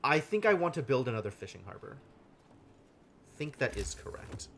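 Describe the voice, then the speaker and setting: A man streaming a strategy game live, thinking aloud with wry deadpan asides. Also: mid-range voice, moderate pace, noisy background. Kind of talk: live gameplay commentary.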